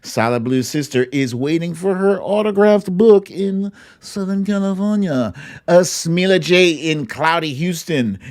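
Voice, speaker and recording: A man hosting a live stream, reading out viewers' greetings with playful, sing-song asides and little hums. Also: on the high side. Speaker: livestream host. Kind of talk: reading a live chat roll call.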